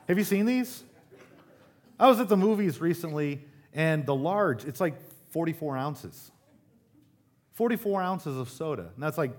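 A man preaching a sermon to a church congregation, conversational and joking, with sudden emphatic rises. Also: mid-range voice. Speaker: pastor. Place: church service.

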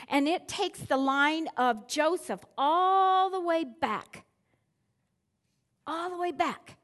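A middle-aged woman with a high voice preaching a sermon. She talks at an unhurried pace and tells the story in an animated way, acting out chants and little voices as she goes. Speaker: pastor.

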